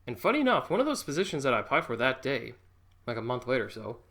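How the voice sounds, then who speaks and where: A man's voice: mid-range voice, sing-song, quick pace, creaky, a bit bright. A young man chatting casually through a storytime vlog, rambling and dropping lots of likes.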